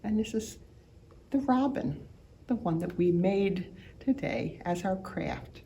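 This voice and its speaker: A woman reading a picture book aloud to children, telling the story with animation and imitating bird calls in high, loud chirps. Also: lively intonation, slow pace. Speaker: children's art program teacher reading aloud.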